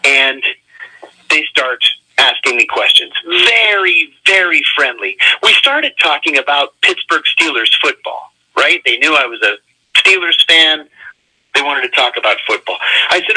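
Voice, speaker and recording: A man, a radio interview guest, telling a personal story in an animated way with vivid swings of pitch. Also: measured pace, slightly rough, rough recording.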